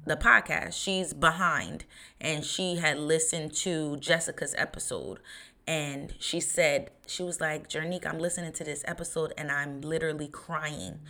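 A woman's voice: sits low, gravelly, sharp tone. A woman in her thirties hosting a podcast, talking in a chatty, rambling way with lots of fillers. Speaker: podcast host. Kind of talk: casual podcast monologue.

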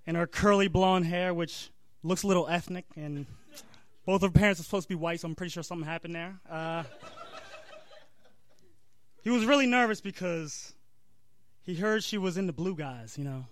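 A comedian reading a crude comic story aloud on stage, laughing and breaking off for asides. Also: male voice, high-pitched, moderate pace, long pauses.

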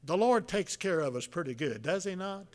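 A pastor in his seventies preaches a homespun sermon in a voice a little high for a man, with lively intonation. His delivery is folksy and halting, full of fillers and restarts as he works through each point.

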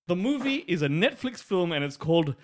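Excitable, swearing high-voiced man. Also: a little fast. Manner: excitable, profane, talks over his co-host. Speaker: podcast co-host reviewing films. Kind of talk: casual chat, film review.

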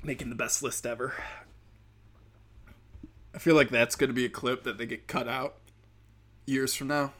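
A man's voice: mid-range voice, fairly even intonation, normal speed, pauses often, fairly bright tone. A man hosting a casual comedic rant, profane, rambling and darkly sarcastic.

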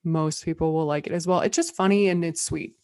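A woman's voice: low voice, fairly even intonation, fairly quick, a little mellow, no echo, clean studio sound. A woman co-hosting a podcast, chatting casually about TV shows with lots of "like" fillers. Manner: bubbly, many "like" fillers. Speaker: podcast co-host. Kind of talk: casual review chat.

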